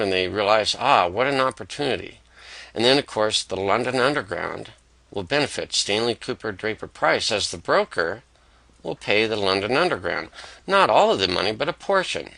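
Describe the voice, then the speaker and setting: A man presenting an explainer pitch, telling a conversational story full of fillers. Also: gravelly, pushed and bright, dry recording.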